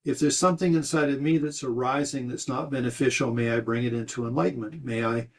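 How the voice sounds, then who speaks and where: A man's voice: mid-range voice, fairly even intonation, fast. Man giving a rambling meditation talk. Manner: rambling, many restarts and fillers. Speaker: meditation teacher. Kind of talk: dharma talk answering questions.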